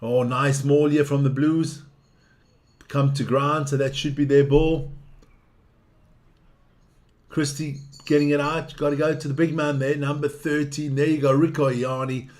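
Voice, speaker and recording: A man giving casual live rugby commentary, excitable and blunt, swearing at the referees. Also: on the high side, unhurried, long pauses. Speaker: watch-along rugby commentator.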